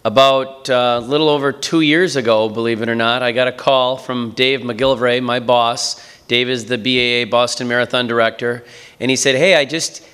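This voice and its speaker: Bright, clear-voiced man from Wisconsin. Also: medium pitch, flat delivery, moderate pace. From Green Bay, Wisconsin. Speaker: race event manager. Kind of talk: town hall presentation.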